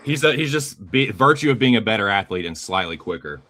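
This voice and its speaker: Deep bright-voiced Southern fight caller. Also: male voice, expressive. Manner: casual, profane, rapid play-by-play calls. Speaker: play-by-play commentator. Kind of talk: live fight commentary.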